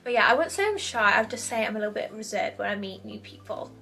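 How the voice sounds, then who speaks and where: Bright-voiced chatty young woman vlogger. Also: medium pitch, lively intonation, quick pace, vocal fry, soft background music. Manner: chatty, full of fillers and giggles. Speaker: YouTuber. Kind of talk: casual chat.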